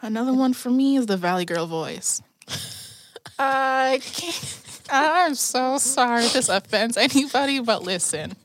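A woman's voice: sits high, expressive, measured pace. A young woman co-hosting a podcast in casual chat, ranting emphatically and dramatically. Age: young adult. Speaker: podcast co-host.

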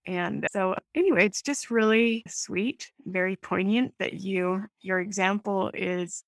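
A woman's voice: medium pitch, normal speed, creaky, hardly any pauses, no room sound. A woman hosts a faith discussion over a video call. She affirms what others share and passes the turn to the next speaker. Her voice sounds close and dry. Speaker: host of a faith discussion group.

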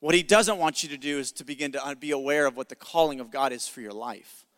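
A man's voice: medium pitch, fast talker, fairly bright tone, big-room sound. A male pastor preaching a sermon in an emphatic, conversational way with jokes.

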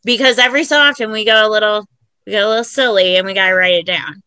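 A woman's voice: medium pitch, fast talker, sharp tone, clear, resonant tone, dry recording. A woman in recovery chatting frankly on a podcast, swearing freely. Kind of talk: casual conversation.

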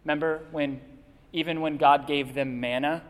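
A man preaches with a raised, slightly high voice, earnest and questioning, walking his listeners through each point. His words ring out with a long hall reverb, as in a large church sanctuary. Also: fairly even intonation, moderate pace. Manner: earnest, asks and answers rhetorical questions. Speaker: pastor. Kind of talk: sermon.

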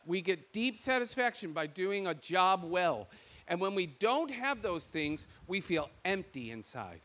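A man from Michigan with a Michigan accent, preaching a sermon in an animated storytelling way. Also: sits high, a little slow. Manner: animated storytelling, acts out quoted voices.

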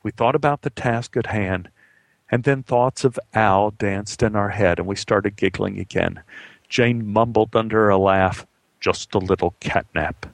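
A man's voice: fairly low pitch, unhurried, vocal fry, no echo. A man telling a personal story aloud with a vivid, dramatic delivery.

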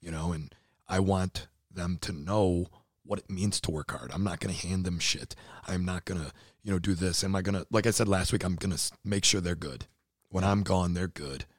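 Hoarse, earnest man in his thirties. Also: sits low, fairly even intonation, normal speed, no room sound, studio quality. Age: 30s. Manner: earnest and emotional, swears freely. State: hoarse, voice nearly gone. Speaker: podcast co-host, CrossFit athlete. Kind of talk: casual chat.

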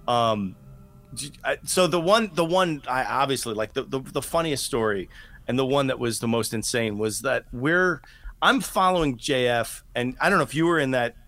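A middle-aged man telling a story as a podcast guest in a rambling, animated way, with many restarts and fillers. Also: medium pitch, normal speed. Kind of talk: casual storytelling chat.

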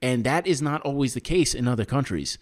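A man's voice: mid-range voice, expressive, fairly quick. An American man co-hosting a podcast, giving earnest opinions in casual chat with frequent restarts. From United States. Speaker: podcast co-host.

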